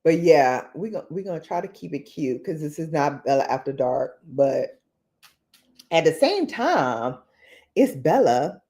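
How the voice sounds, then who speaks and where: A woman's voice: low voice, very animated, measured pace, mellow. A woman hosting a casual livestream, chatting with viewers in a playful, laughing way and repeating phrases for emphasis. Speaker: beauty livestream host.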